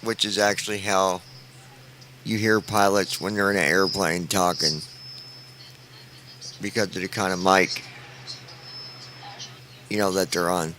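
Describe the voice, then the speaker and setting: A low-voiced man chatting casually on a headset mic, joking with his viewers. He talks in an unhurried, drawn-out way, with faint background noise. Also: little pitch movement, pushed and bright. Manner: playful, joking, testing his mic aloud. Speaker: streamer host. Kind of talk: casual live-stream chat.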